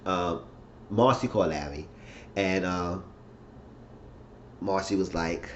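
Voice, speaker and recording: A man casually recapping a TV episode in a slangy, animated way, acting out what the characters said. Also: deep voice, takes it slowly. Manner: animated, slangy retelling that acts out the quotes. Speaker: TV recap vlogger. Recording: muffled lo-fi with faint hiss.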